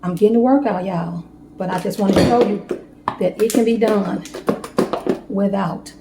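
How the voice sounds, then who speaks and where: A woman chatting warmly to viewers as she bakes a cake in her home kitchen. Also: mid-range voice, moderate pace, echoey room, very noisy. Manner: chatty, heartfelt, talks straight to viewers. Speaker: home baking vlogger. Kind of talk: casual cooking demo chat.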